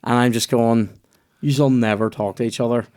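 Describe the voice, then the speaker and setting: A man trades rambling anecdotes on a comedy podcast. He swears often and strings his stories along in loose, sweary asides. His voice sits at an ordinary middle pitch. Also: steady tone, normal speed, darkish tone. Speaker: podcast guest. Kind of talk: casual comedy chat.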